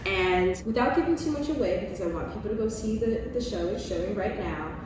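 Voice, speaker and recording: A woman hosting a casual interview, asking questions in a relaxed, conversational way. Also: mid-range voice, fairly quick. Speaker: host. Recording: echoey hall, distant mic, background noise.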